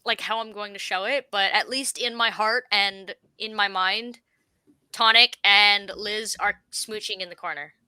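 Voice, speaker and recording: A young woman from Canada, bubbly and casual, chatting about her animated series and swearing now and then. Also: mid-range voice, measured pace, smooth, no room sound. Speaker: creator of an animated series, guest. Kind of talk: casual interview chat.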